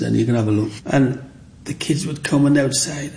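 A man's voice: medium pitch, quick pace, creaky, a little mellow. A man, telling stories from his childhood in an interview and acting out other children's voices when he quotes them. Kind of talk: reminiscing storytelling.

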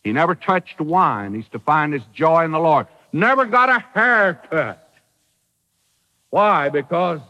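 A man's voice: a little high, bright, forceful tone, in a large hall, dull audio. A man preaching a sermon in a folksy, emphatic way, acting out quoted voices with drama. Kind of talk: radio sermon.

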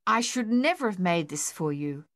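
Storybook farm mother, brisk and scolding, done by a woman reader. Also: on the low side, expressive, fairly bright tone, no echo, studio quality. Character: brisk, sharp-tongued French farm mother.

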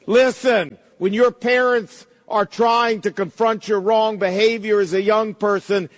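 High-voiced preacher in a reverberant hall. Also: male voice. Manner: emphatic preaching, quoting scripture. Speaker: pastor. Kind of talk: sermon.

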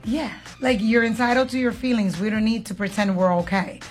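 A woman's voice: a little high, fairly quick, soft background music. A woman in her thirties from Puerto Rico, co-hosting a candid chat, speaking earnestly about grief and acting out her children's words. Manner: earnest, open about grief, animated when quoting her kids. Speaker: podcast co-host.

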